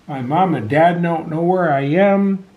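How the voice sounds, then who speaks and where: A man's voice: on the high side, a little slow, phone-quality sound, close to an everyday voice. A man voicing an anxious little female puppy who talks in a worried, whimpering way. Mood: distressed. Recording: echoey room.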